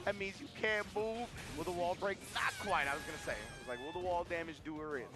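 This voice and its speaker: A man's voice: sits high, fast talker, over music. A man casting a fighting game tournament, calling the action and joking with his co-caster. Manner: excitable, hype-driven, joking with co-caster. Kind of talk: esports play-by-play commentary.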